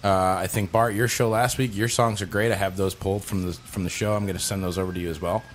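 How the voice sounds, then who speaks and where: A man's voice: low-pitched, steady tone, fast, a little hiss or hum. A man co-hosting a radio show in casual talk, blunt and emphatic with heavy swearing. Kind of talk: casual profane radio chat.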